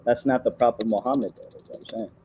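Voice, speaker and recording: A man in a casual heated debate, arguing his point, reading text aloud slowly and calling the other man "bro". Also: mid-range voice, steady tone, over a noisy crowd, poor audio.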